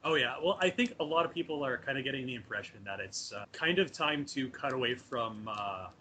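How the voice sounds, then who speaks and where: A man's voice: medium pitch, animated, fairly quick, bright, forceful tone, slight background noise, rough recording. A man chatting casually as a podcast panelist over a video call, laid-back and full of fillers. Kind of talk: casual chat.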